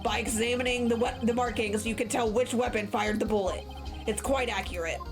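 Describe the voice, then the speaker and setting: A woman voicing a confident young male defense lawyer in a steady, dramatic read-aloud, with game music behind. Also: on the high side, brisk, lightly acted. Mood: explaining.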